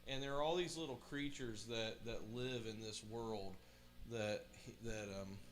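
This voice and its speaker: A man's voice: medium pitch, measured pace. A middle-aged man hosting a livestream, reading a children's book aloud and chatting enthusiastically in rambling asides. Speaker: livestream host. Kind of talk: casual reading and chat on a livestream.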